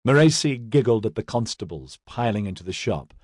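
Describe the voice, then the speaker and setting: A male audiobook narrator reads a fantasy novel in a steady, measured way. His voice is low and husky, recorded dry and close. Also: dry recording. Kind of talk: scripted narration.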